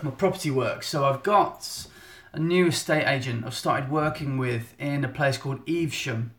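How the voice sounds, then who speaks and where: A guy in his thirties from England hosts a casual monthly live update as a photographer, his slightly high voice a bit bright. Recorded on a phone at arm's length in an echoey room at home, the sound is roomy, and he's chatty, rambling and self-interrupting.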